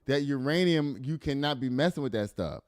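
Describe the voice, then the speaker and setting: A man hosts a loose news commentary show, reading headlines and then riffing on them with laughter and the odd curse. His voice sits at an ordinary middle pitch. The sound is dry and close, with no room around it. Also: fairly quick, no room sound. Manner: animated, laughing, swearing, reads news aloud then riffs. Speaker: podcast host.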